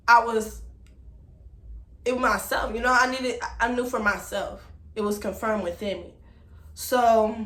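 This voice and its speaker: Woman, storytime vlog, emphatic, fairly high voice, echoey room. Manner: animated, emphatic, talks straight to viewers as y'all. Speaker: vlogger telling a personal story. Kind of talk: casual storytime to camera.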